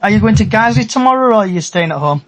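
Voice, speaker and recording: A man's voice: sits high, animated, fairly bright tone. A man hosting a casual fan podcast, chatty and upbeat. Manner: chatty, upbeat, fast sign-off. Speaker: podcast host.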